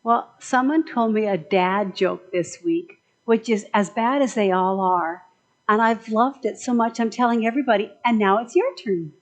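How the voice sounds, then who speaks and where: A woman's voice: on the high side, moderate pace, rough recording. A woman minister giving a chatty, joking sermon in a conversational way.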